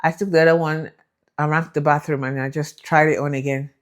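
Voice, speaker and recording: A young woman tells a personal faith story straight to her viewers. Her voice sits on the low side, and she is lively and emotional, laughing as she acts out the people in her story. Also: a little fast. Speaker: vlogger sharing a faith testimony.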